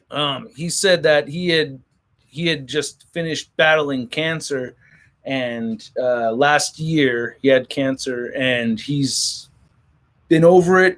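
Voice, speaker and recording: A man hosting a casual livestream, reading viewer comments and joking in a rambling, profane way. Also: a little high. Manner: rambling, profane, jokey, many restarts. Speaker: toy collector channel host.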